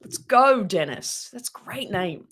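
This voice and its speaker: A woman's voice: mid-range voice, animated, measured pace, fairly bright tone, breathy edge. A woman co-hosting a live stream in casual chat, cheeky and chatty, laughing often.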